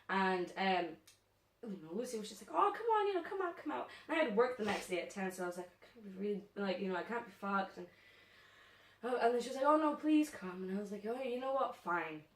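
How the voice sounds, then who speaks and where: A woman's voice: medium pitch, fast, roomy sound, far from the mic. A young woman co-hosting a podcast, chatting casually and telling a story with lots of laughter. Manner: chatty, laughs a lot, lively reactions. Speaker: podcast co-host.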